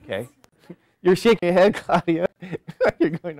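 Lively preachy male college teacher. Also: sits high, unhurried, no room sound. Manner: lively, preachy, rhetorical questions to students. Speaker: college statistics instructor. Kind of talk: classroom lecture digression. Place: classroom.

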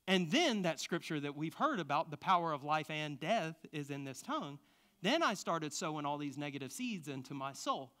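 A man preaching a sermon and sharing his own testimony, swinging from hushed confessions to loud, fervent exclamations. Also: fairly high pitch, very animated, normal speed. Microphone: stand microphone.

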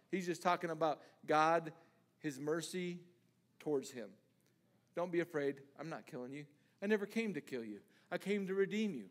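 Male pastor, high voice, chatty sermon delivery with restarts and acted-out quotes. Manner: conversational, restarts words, acts out scripture lines.

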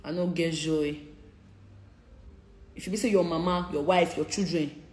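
A woman's voice: low-pitched, steady tone, moderate pace, darkish tone. Young Nigerian woman ranting, roomy sound. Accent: Nigerian Pidgin English. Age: 20s. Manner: confrontational, repeats her points. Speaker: social media personality. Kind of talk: heated Instagram live rant.

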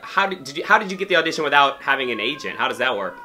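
Male interview host, bright mid-pitched voice, curious questions; roomy echo. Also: big pitch swings, rapid-fire, slight background noise.

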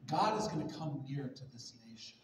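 A male pastor preaching a sermon with passion, swinging from near shouts to soft, hushed tones. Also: a little high, expressive, moderate pace, slight background noise. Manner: impassioned, rising to near shouts, then dropping soft and hushed. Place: large church sanctuary. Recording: echoey room audio from a distant mic.

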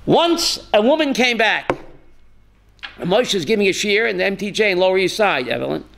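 Male rabbi, animated storyteller, high voice, gravelly fry, addresses students by name. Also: normal speed, a little hiss or hum. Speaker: rabbi teaching a class. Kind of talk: storytelling Torah class.

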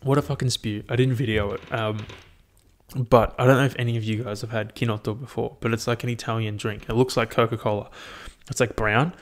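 A man's voice: medium pitch, steady tone, a little fast. Swearing, rambling man. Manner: rambling, heavy swearing, amused. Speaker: podcast host. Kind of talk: casual solo monologue. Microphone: headphones and podcast mic.

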